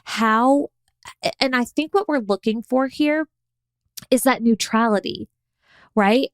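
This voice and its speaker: A young woman hosting a podcast, coaching listeners in a chatty, animated way and acting out her own inner thoughts. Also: a little high, slow pace, no echo. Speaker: podcast host. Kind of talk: casual coaching monologue.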